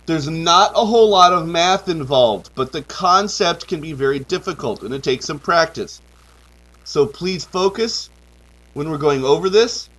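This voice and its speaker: A man's voice: on the high side, expressive, unhurried, a bit bright, low-quality recording. A man teaching a chemistry class, lecturing with frequent "okay" checks and dry joking asides. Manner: drills key terms, frequent "okay" checks. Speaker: high school chemistry teacher.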